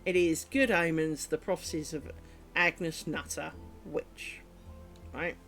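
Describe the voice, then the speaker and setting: A woman's voice: low voice, slow, a bit bright, soft background music. A woman streaming her lace-making, chatting casually and rambling, with the odd swear word. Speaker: craft streamer.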